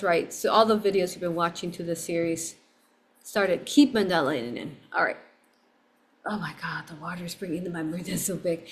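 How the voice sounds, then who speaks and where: A woman hosting a livestream, telling a story in a casual, excitable way, with frequent exclamations and restarted sentences. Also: lowish voice. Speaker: livestream host.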